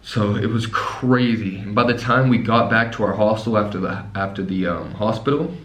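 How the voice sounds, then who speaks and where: A young man with a low voice rambles through a casual storytime, leaning on fillers as he goes. The room adds a noticeable echo around him. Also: moderate pace, a bit bright. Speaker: travel vlogger. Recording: roomy echo.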